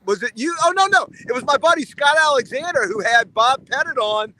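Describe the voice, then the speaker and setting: Male panelist, very high and bright voice, eager rambling storyteller. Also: lively intonation, fairly quick, slight background noise, rough recording. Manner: enthusiastic storyteller with many fillers. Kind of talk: casual roundtable chat.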